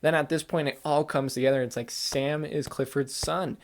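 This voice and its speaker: A man hosting a gaming channel, rambling excitedly through a casual spoiler chat with lots of "like" and "kinda". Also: a little high, normal speed. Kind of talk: casual spoiler chat about a video game.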